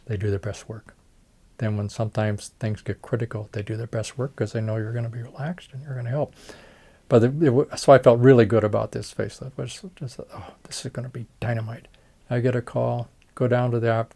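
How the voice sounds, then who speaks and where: With a low, dark-toned voice, an older retired facial plastic surgeon recounts stories in an oral history interview. He chuckles and performs the voices of the people he quotes.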